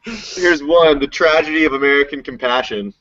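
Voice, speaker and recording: A man's voice: fairly high pitch, normal speed, fairly bright tone, no echo. A male panelist on a video call, chatting casually in a laid-back, agreeable way. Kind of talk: casual chat. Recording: dull lo-fi call audio.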